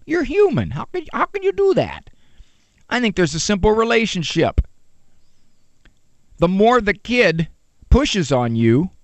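A man giving a humorous parenting talk, animated, with joking asides and rhetorical questions. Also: high-pitched, dry recording. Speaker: parenting speaker.

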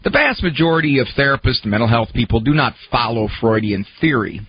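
Husky man giving a lively talk. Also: medium pitch, a little fast, dry recording, highs cut off. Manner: talks through examples, posing questions and putting on a complaining listener's voice. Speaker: speaker on psychology and self-help. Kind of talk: conversational lecture.

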